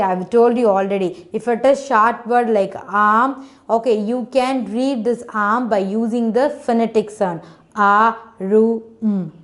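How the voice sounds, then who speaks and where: A woman teacher, patiently sounding out words and syllables for children in an online phonics class. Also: fairly high pitch. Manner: patient, repetitive teacher talk, sounding out letters, frequent "okay".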